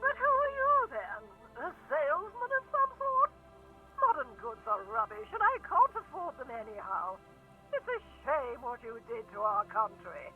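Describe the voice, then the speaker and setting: Game role: a suspicious ancient baroness, high and swooping, over a thin phone line. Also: female voice, very animated, moderate pace, soft background music. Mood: bitter. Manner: quavering, suspicious, bitter. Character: frail ancient woman on a phone, a faded baroness.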